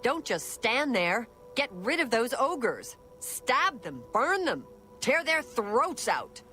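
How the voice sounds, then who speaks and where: A woman's voice: fairly high pitch, sing-song, slow pace, sharp tone, heavily acted. An actress playing an impatient, bossy young orc noblewoman in a video game. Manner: curt and bossy. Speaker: game character. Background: game music.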